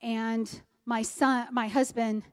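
High-voiced woman telling a church testimony. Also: slow pace, clear, resonant tone. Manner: animated, acts out the voices of people she quotes. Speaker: speaker sharing a mission testimony.

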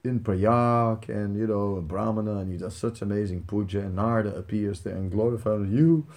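A man who works as a spiritual teacher gives a soft-spoken, conversational devotional talk and tells stories, with frequent fillers. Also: fairly low pitch, fairly even intonation, fairly quick.

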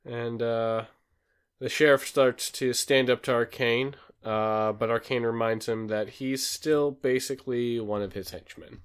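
A man with a mid-pitched voice casually recaps a TV episode for a podcast. He rambles through the plot with frequent ums and uhs. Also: steady tone, a little slow, clear, resonant tone. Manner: rambling recap with many fillers. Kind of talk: casual chat.

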